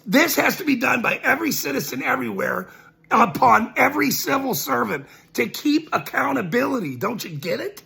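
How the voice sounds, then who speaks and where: A very high, very animated male voice, creaky, pushed, and bright, comes at normal speed from an Irish citizen journalist ranting to camera. He keeps mocking, laughing between lines, and driving his points home again and again.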